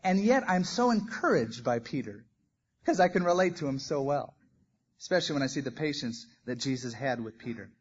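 Animated husky-voiced male preacher. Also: a little high. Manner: animated storytelling, acting out quotes. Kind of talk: sermon. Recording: dull lo-fi recording.

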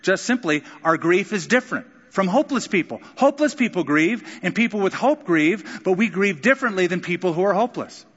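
A man's voice: a little fast, few pauses, husky, muffled recording. Man preaching a sermon in a large hall. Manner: expressive preaching, acting out quotes with sudden rises in pitch. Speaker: pastor.

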